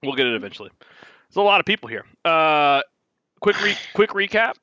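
A man runs a tabletop game and recaps the last session in a loose, rambling way. His voice is bright and recorded dry and close. The audio is slightly dull. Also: on the high side, big pitch swings, a little fast, no room sound. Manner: casual, rambling with fillers and restarts, chuckles. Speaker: game master.

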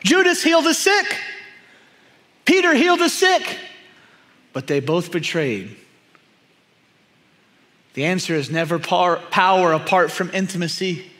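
A man preaching a sermon, emphatic and repetitive, often dropping to a hushed, intense tone. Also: high-pitched, very animated, measured pace, long pauses. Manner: emphatic, repeats key phrases, drops to hushed intensity.

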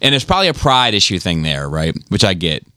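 A man with a low, lively voice rambles through a profane anecdote on a podcast. His delivery is loose and animated, with plenty of ums and you-knows. The sound is close and dry. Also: fast talker, clear, resonant tone, dry recording. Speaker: podcast co-host. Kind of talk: casual chat.

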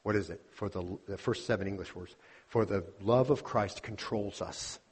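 A man's voice: on the low side, darkish tone, husky. A man preaching an earnest teaching sermon from a church pulpit, calling his listeners beloved as he explains scripture. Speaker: pastor. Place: church sanctuary.

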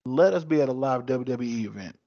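Gravelly, husky man on a dull podcast mic. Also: medium pitch, brisk, warm tone. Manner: laid-back, drawled asides with "bro". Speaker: podcast co-host. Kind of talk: casual sports chat.

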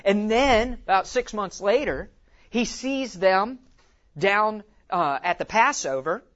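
A man giving an animated teaching talk at a conference. He tells it like a story, acts out quotes and often says "you know". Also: high voice, slow pace, lo-fi sound. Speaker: conference speaker.

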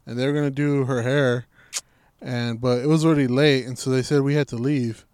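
A young man telling a story in casual chat, animated and swearing freely, acting out what people said. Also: mid-range voice, a little fast, clear, resonant tone.

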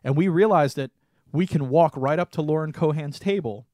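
Young man, podcast co-host, casual storytelling, animated, laughs a lot, dry close-mic sound. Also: on the high side, normal speed, dry recording. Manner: animated, laughs often, frequent fillers.

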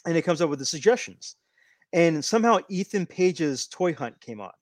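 A man with a slightly high voice rambles through a long story on a casual podcast. He restarts his sentences often. The sound is close and dry, with no room around it. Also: big pitch swings, moderate pace, no room sound. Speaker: podcast co-host. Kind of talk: casual wrestling podcast chat.

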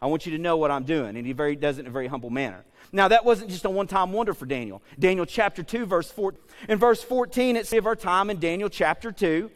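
A male pastor preaching a sermon in a lively, conversational way, with joking asides and frequent checks like "okay?". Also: high-pitched, fast, in a large hall.

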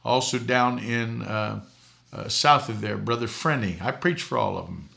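Gravelly older preacher from Boston. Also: male voice, mid-range voice, normal speed, pushed and bright. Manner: storytelling, folksy, laughs at his own jokes. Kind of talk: preaching talk show answering viewer questions.

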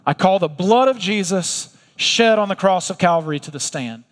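A man's voice: high voice, expressive, moderate pace. A man playing an earnest apostle attorney. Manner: formal courtroom questioning. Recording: long reverb of a large hall.

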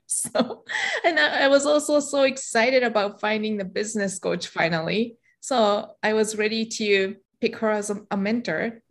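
A middle-aged woman with a Japanese accent, speaking English as a second language, is a guest in an interview. Her slightly high voice keeps a measured pace as she tells her story reflectively, using many fillers and laughing lightly.

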